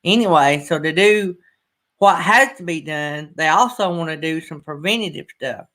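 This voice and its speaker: Middle-aged man, host of a folksy morning live chat, rambling and emotional, bright lifted voice. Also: on the high side, moderate pace. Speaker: channel host. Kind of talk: casual livestream chat.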